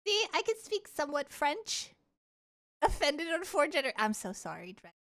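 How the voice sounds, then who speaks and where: A woman's voice: high voice, big pitch swings, normal speed, a bit bright. A young woman streamer chatting casually with her live chat, playful and giggly, trying out words with a mock French accent.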